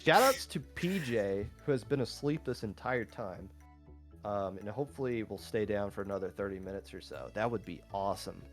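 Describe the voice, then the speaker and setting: A man's voice: lowish voice, expressive, moderate pace, faint music behind. Laid-back male esports commentator. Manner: easygoing, joking banter. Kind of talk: live tournament commentary.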